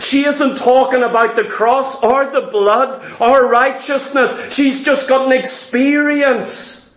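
A high-voiced man preaching, telling a story with repetition and dramatic slowdowns. His voice rings out in an echoey church hall. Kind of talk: sermon storytelling.

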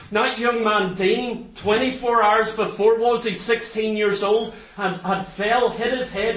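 A man's voice: high-pitched, fairly bright tone. A man preaching a fervent sermon to his congregation, asking many rhetorical questions. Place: church hall. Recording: roomy echo, distant mic.

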